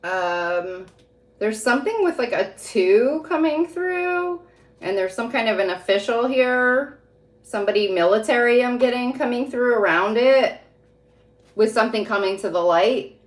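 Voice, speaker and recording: A woman psychic reader with a slightly high, expressive voice talks unhurriedly in a loose vlog about spiritual matters. Her speech is full of fillers and laughter, and the recording carries a roomy echo.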